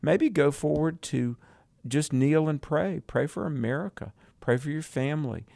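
A man co-hosting a radio Bible teaching show, speaking earnestly and slowing down to stress his points. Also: on the high side, creaky, dark tone, no room sound, clean studio sound. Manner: earnest, exhorting, slows for emphasis.

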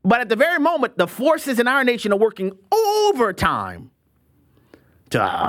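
Brief: commentary host, mid-pitched, animated, digressive, opinionated. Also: normal speed. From United States. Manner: animated and digressive, with frequent restarts.

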